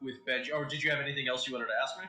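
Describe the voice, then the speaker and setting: A man playing a tabletop role-playing game who talks in a halting way, full of fillers and laughs. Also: mid-range voice, fairly even intonation, bright, forceful tone, roomy sound, faint music behind. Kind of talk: casual role-play chat.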